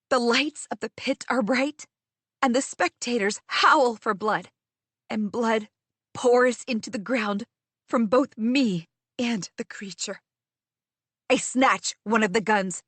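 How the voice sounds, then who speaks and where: A woman reading a first-person fantasy audiobook in a measured, tense way, close to the mic. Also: on the high side, fairly bright tone, no room sound. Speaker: audiobook narrator.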